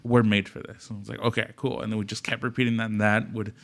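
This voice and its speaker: A man's voice: lowish voice, flat delivery, racing, creaky, fairly bright tone. A young man co-hosting a podcast, recounting a shared story with frequent restarts and quoted lines. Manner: hesitant, restarts, acts out quotes. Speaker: podcast co-host. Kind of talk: casual storytelling chat.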